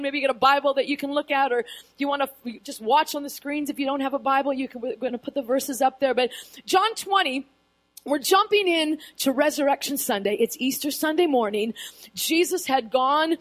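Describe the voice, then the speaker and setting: A woman pastor giving a sermon in a church, telling the story with animated, conversational asides. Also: high-pitched.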